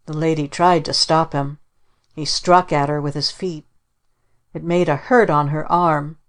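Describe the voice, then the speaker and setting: A woman narrating a children's storybook in a measured way. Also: deep voice, fairly even intonation. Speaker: audiobook narrator. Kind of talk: scripted narration.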